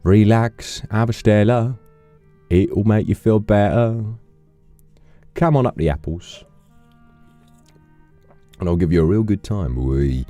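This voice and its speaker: A man's voice: lowish voice, slow, long pauses, dark tone, dry recording, faint music behind, voice pushed up. A man voicing a laid-back, flirty Cockney bloke with a cheeky, coaxing manner.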